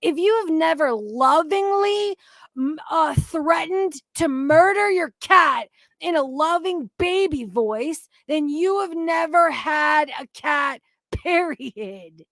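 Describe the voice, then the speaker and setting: A woman's voice: high-pitched, lively intonation, slow pace, fairly bright tone, no room sound, clean studio sound. A woman hosting a casual livestream, talking in an emphatic, profane, rambling way about online drama. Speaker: livestream commentary host.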